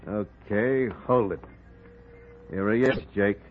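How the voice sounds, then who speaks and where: An actor playing a menacing gunman thug in an old radio drama, muttering his threats low, on a tinny broadcast recording. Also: takes it slowly, soft background music.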